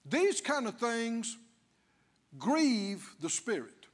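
A male pastor preaching a sermon in a church, swinging from low asides to shouted declarations. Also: very animated, very slow. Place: church sanctuary. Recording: long church reverb.

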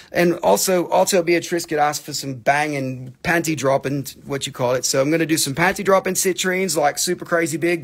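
A man running a live sales stream, joking, swearing and excitable, while he is losing his voice. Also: a little high.

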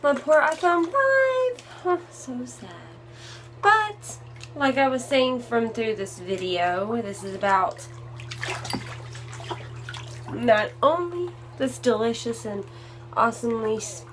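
A woman's voice: a little high, animated, slow pace, pauses often, fairly bright tone, a little hiss or hum. A young woman, chatting casually at home into a phone camera while she thinks aloud. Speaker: vlogger reviewing a candle. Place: home room.

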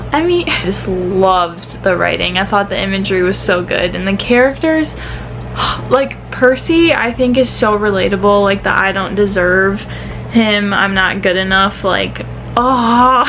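A woman's voice: medium pitch, poor audio. Gushing young woman vlogger, teary. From Midwest, US. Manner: gushing, emotional, many sighs and trailing-off restarts. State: teary, crying. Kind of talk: casual vlog talk about a book.

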